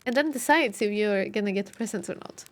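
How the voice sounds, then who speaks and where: A woman's voice: medium pitch, a little fast. A young woman streaming a game live, reacting with giggles and playful exclamations as she plays. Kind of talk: live gameplay commentary.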